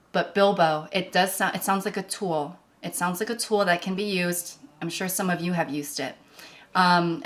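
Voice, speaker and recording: A woman's voice: mid-range voice, fairly bright tone. A woman talks straight to her audience in a loose, rambling vlog. She jokes at her own expense and drifts from one thought to the next in casual chat. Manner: rambling, jokey, self-deprecating. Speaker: vlogger.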